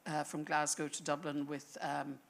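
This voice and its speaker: Low-voiced woman telling a story. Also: normal speed, creaky. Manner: animated storytelling, thinking aloud. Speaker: panel speaker on history. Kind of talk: conversational panel talk. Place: lecture panel before an audience.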